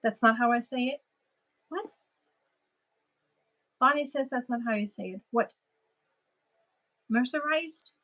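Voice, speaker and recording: Slow-talking German-accented woman. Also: on the high side, a bit bright. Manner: chatty, laughs at herself, answers chat comments. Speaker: crochet livestream host. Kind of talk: casual livestream chat with viewers.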